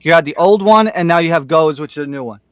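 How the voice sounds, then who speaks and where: A man with a slightly higher voice co-hosts a casual fan podcast, getting excited and tripping over his words as he repeats himself. The sound is dry and close, with no room around it. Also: fast, clean tone, no room sound. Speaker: podcast co-host. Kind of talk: casual podcast chat about an anime dub.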